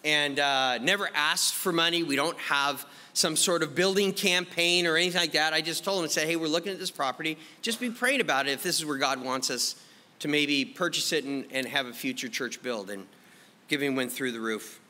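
A man, a pastor, telling his testimony in an animated way, acting out his own past words. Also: on the high side, fairly quick, long reverb tail. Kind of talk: testimony sermon.

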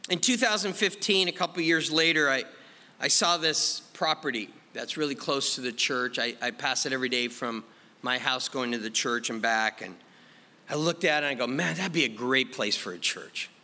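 A man, a pastor, telling his testimony in an animated way, acting out his own past words. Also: mid-range voice, normal speed, in a large hall. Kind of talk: testimony sermon.

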